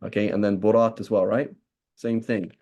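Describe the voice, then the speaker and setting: Man, British accent, religious teacher, conversational lesson, deep voice, warm dark tone. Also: little pitch movement, normal speed, lo-fi sound. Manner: keeps asking "right?", acts out imagined speakers.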